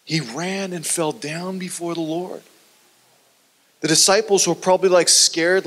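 Man preaching in an echoing hall. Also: normal speed. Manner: dramatic storytelling, often dropping low and quiet. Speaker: pastor. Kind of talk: sermon. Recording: long reverb of a large hall.

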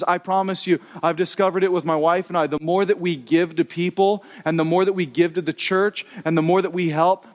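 A male pastor preaching in a lively, conversational style, slipping into the voices of the people in his stories. His voice sits a little above the usual male range. A long hall reverb trails after his words. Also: high-pitched. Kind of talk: sermon.

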